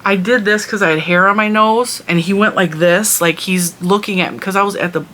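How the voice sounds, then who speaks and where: A woman's voice: mid-range voice, brisk, bright, forceful tone, slight background noise. A woman telling a long story in a casual vlog, chatty and rambling with lots of restarts. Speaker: vlogger and mother.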